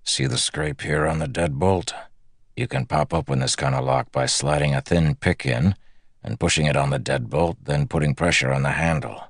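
A man doing a gravelly, discreet warder. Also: a bass voice, animated, no echo, clean studio sound, full character voice. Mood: quiet, focused. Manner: quiet and measured.

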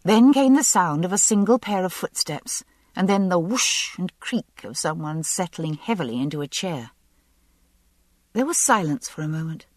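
A woman reads a first-person novel aloud with wry, expressive phrasing. Her voice is low, and the recording is dry and close. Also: normal speed, no room sound. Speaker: audiobook narrator.

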